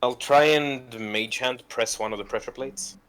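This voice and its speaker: A man playing in a tabletop game, casual and excitable, with animated outbursts. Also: mid-range voice, normal speed. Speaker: player.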